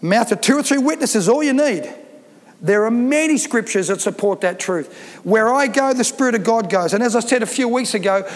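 A man's voice: very high voice, expressive, moderate pace. A man preaching a sermon as pastor, emphatic and insistent, driving home his points. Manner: emphatic, preaching with rising intensity. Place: church hall. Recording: reverberant church hall.

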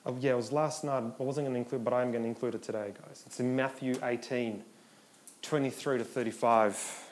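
A man's voice: mid-range voice, fairly even intonation, fairly quick, slight background noise. A man preaching a sermon, moving between conversational asides and emphatic scripture reading.

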